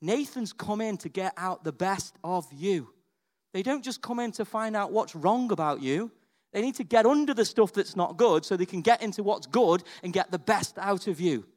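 A man preaching with a high, bright voice. He tells his story chattily, checking in with "right?" and "okay?". He swings from quiet confiding asides to excited, almost shouted peaks. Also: normal speed. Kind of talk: sermon.

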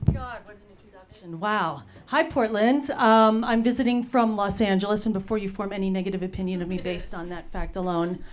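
A woman's voice: mid-range voice, a little fast. A middle-aged woman from New Jersey doing a brash, self-deprecating stand-up comedy set on a club stage.

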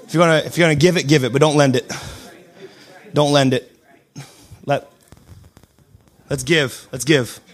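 A young adult man preaching a sermon, switching between shouted declarations and quiet, joking asides. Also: a little high, steady tone, normal speed, pauses often. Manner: self-deprecating humor. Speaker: pastor.

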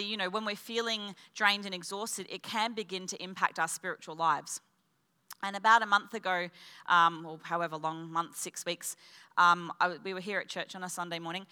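A woman's voice: medium pitch, bright, forceful tone, clear, resonant tone. A young woman giving a candid testimony at a church service, telling her story and quoting her own thoughts. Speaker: church speaker sharing testimony. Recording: long hall reverb.

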